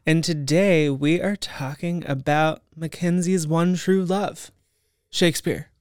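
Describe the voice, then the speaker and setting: Upbeat young man hosting, smooth voice. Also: on the high side, fairly even intonation, takes it slowly, darkish tone, no room sound, studio quality. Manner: upbeat, playful, chatty. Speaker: podcast host. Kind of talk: casual chat.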